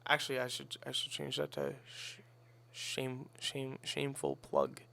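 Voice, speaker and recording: A man's voice: mid-range voice, sing-song, a little slow, vocal fry, pushed and bright. A young man hosting a casual chat, rambling and self-deprecating, laughing often as he talks. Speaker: podcast host.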